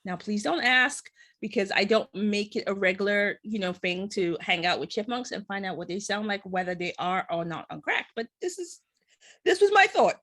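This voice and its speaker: A woman's voice: medium pitch, moderate pace, a bit bright. A woman hosting an interview show, talking casually with a guest and sharing her own stories in an encouraging, self-deprecating way. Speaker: show host.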